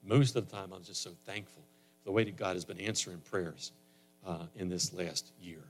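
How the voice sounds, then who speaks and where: A man preaching a sermon in a conversational way, his voice rising higher and louder on emphatic lines. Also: steady tone, moderate pace, a little hiss or hum. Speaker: pastor.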